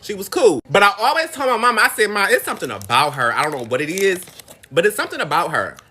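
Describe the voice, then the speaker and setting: A woman's voice: fairly low pitch, very animated, fast, pushed and bright, husky. A young woman telling gossip about a former neighbor in a casual storytime.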